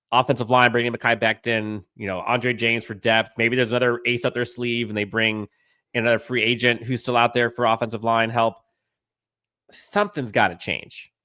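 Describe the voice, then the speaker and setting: A man's voice: medium pitch, pushed and bright, no room sound. A man co-hosting a sports podcast, joking around and reading viewer comments from the live chat. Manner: jokey, reads out live chat. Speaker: podcast co-host.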